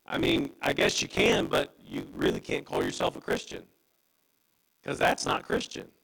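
A man's voice: huge pitch swings, normal speed, gravelly, a bit bright, slightly rough, low-quality recording. A man preaching a sermon as pastor, impassioned and emphatic. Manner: impassioned preaching with wide pitch swings.

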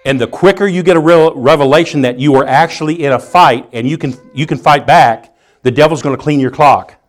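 A middle-aged male pastor preaching a sermon, acting out scenes with rising, near-shouting emphasis. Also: fairly high pitch, fairly quick.

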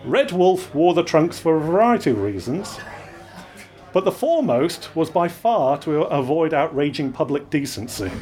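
A man reading a story aloud to an audience, with wry, expressive narration. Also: fairly high pitch, normal speed, soft background music. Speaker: reader. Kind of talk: live reading of his own story.

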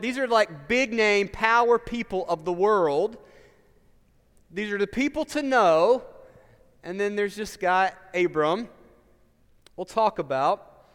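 A male pastor preaches in a loose, conversational style, tossing in rhetorical questions and asides. His voice sits high and comes through smooth and resonant. It carries a long reverb, as if recorded in a church hall. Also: a bit bright. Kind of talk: sermon.

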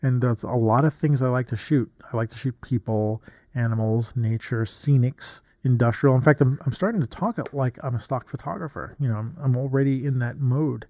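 This studio-quality take, with no echo, captures a man in his fifties speaking at a normal speed in a dark, mid-range voice. A photographer, he reads from an old journal casually and reflectively, rambling with frequent restarts and asides.

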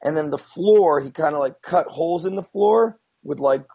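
A man with a warm, gravelly voice on the high side, carrying a breathy edge, tells a story as a guest at a moderate pace. He rambles casually, filling his speech with fillers and frequent swearing, on a dull lo-fi recording.

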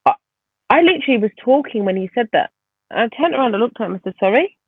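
A woman's voice: fairly high pitch, expressive, fast talker, husky, no room sound. A woman guest vividly retelling a painful personal story in conversation, speaking animatedly. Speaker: podcast guest. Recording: tinny phone-like line.

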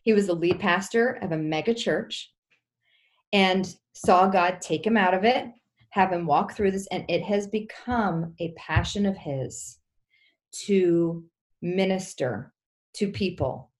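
Speaking slowly in a lowish voice, a pastor's wife appears as a podcast guest to tell a personal story. She is earnest and heartfelt, restarting her sentences many times.

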